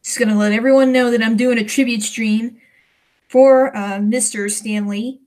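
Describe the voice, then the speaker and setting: A woman from the United States hosting a casual livestream, hesitant and emotional, close to tears, with many pauses and restarts. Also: a little high, fairly even intonation, darkish tone. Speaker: livestream host.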